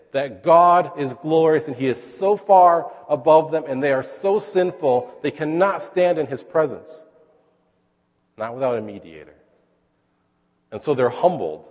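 A man's voice: fairly high pitch, darkish tone, big-room sound. A man preaching a sermon, explaining scripture in a conversational way and checking in with his listeners. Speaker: pastor.

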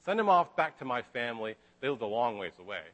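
A man's voice: mid-range voice, big pitch swings, quick pace, fairly bright tone. A man putting on a sly, scheming mother. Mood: persuading. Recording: reverberant hall.

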